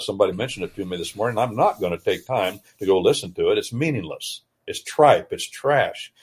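A man's voice: on the low side, slightly rough. A male radio host reading and explaining scripture in a folksy, emphatic, preacher-like way. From United States.

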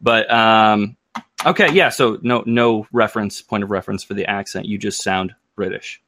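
A man's voice: fairly low pitch, fairly even intonation, fairly bright tone, slight background noise. An American man co-hosting a podcast in casual, rambling chat, often stopping to restart his sentences and joke. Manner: rambling, self-interrupting, quick to joke. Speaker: podcast co-host.

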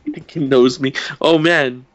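A man's voice: fairly high pitch, fairly even intonation, moderate pace, no echo. A young man co-hosting a podcast, telling a story in a rambling way, swearing freely and acting out the quotes. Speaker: podcast co-host. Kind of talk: casual chat, storytelling.

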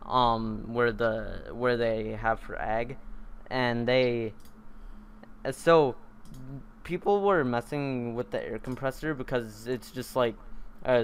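Teenage male podcast host, casual rambling storyteller, smooth clear tone. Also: mid-range voice. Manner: rambling, many fillers and restarts.

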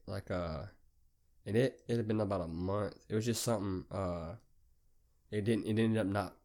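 A young man with a Southern US accent rambles through a profane, casual rant as a podcast host. His voice sits low and gravelly, with plenty of vocal fry. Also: darkish tone. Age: young adult.

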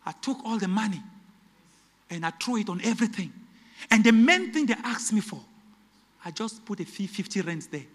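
A pastor preaches in a high, bright voice, his words ringing out through a church hall with a long echo. He swings from shouted peaks down to quiet, hushed lines. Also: animated, moderate pace, pauses often. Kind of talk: sermon.

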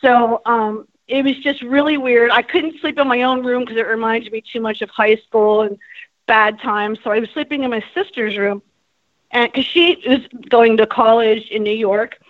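A woman's voice: a little high, normal speed, no echo, narrow, tinny audio. A woman from New Jersey, a musician guest telling her story bluntly with plenty of swearing. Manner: blunt, profane, animated storyteller. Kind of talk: candid storytelling.

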